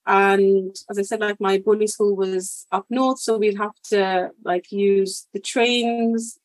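A woman's voice: mid-range voice, level tone, takes it slowly, no room sound. A young woman from the UK answering interview questions in a chatty way, full of "like" fillers. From United Kingdom. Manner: chatty, many "like" fillers, laughs easily. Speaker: guest.

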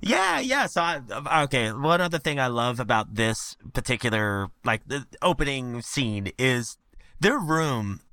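Lively, bright-voiced man chatting enthusiastically. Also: medium pitch, unhurried, clear, resonant tone, no room sound, studio quality. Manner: enthusiastic, laughs often. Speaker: podcast guest. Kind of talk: casual podcast chat about a cartoon.

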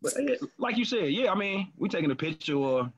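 A man in casual chat as a podcast co-host, talking candidly and profanely with animated storytelling. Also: high-pitched, brisk. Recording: lo-fi muffled recording.

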